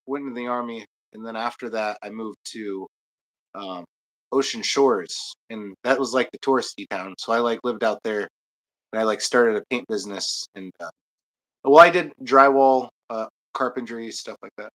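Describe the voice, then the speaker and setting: A man's voice: fairly low pitch, normal speed, a bit bright. A young man from Washington state hosting a live stream, chatting in a rambling way with many fillers and frequent laughs. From Washington state, USA. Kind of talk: casual chat.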